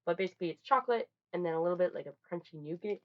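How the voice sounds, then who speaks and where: A young woman chatting casually through a holiday haul, rambling and restarting, with sudden loud bursts. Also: fairly low pitch, animated, rapid-fire. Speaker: vlogger. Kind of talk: casual show-and-tell haul. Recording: dull lo-fi home recording.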